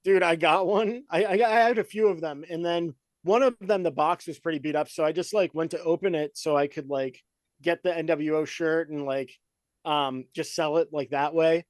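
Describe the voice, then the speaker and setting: A man's voice: fairly high pitch, normal speed, dry recording. A man hosting a casual chat, rambling with many fillers and frequent laughs. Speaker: podcast host.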